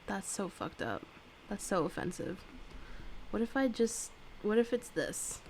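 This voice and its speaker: A woman's voice: medium pitch, darkish tone, a little hiss or hum, low-quality recording. A young woman vlogging alone, talking to herself in a casual, swear-heavy, dramatic way while she fights with her camera setup and sings snatches of songs. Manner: chatty, swears freely, dramatic complaints. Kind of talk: casual solo vlog with singing.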